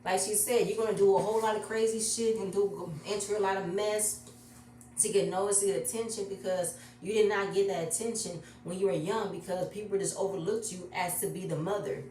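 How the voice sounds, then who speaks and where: A woman's voice: mid-range voice, steady tone, a little fast, darkish tone, a little hiss or hum. A woman giving a casual, emotional recap of a reality show episode, talking chatty and repeating herself. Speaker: reality TV reviewer. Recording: echoey room, distant mic.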